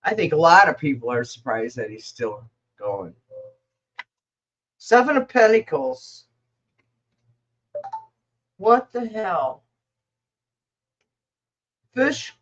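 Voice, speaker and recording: A woman's voice: medium pitch, big pitch swings, unhurried, dull audio. A woman reading tarot cards for viewers in a casual livestream, rambling, blunt and emotional as she talks to the chat. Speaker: tarot reader answering viewer questions.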